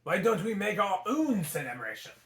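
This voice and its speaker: A man's voice: high-pitched, big pitch swings, normal speed, creaky, a bit bright, heavily acted. A man voicing a teasing, cheeky male stone gargoyle in a put-on French accent, in an echoey room. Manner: teasing, playful.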